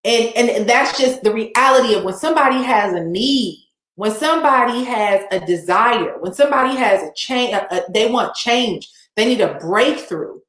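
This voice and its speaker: A woman business coach telling a motivational story in an energetic, emphatic way, repeating her key phrases. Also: on the high side, moderate pace. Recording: echoey room.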